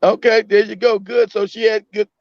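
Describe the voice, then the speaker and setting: Emphatic high-voiced man, dull lo-fi audio. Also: flat delivery, normal speed, creaky, no echo. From United States. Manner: emphatic, repeats himself, acts out a mother. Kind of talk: casual chat. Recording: dull lo-fi sound.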